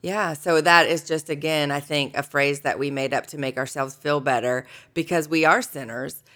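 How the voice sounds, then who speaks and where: A woman co-hosting a faith podcast in a chatty, playful way. Her voice is low for a woman yet bright and forward. She talks with lively warmth. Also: moderate pace. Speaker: podcast co-host. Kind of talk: casual faith podcast chat.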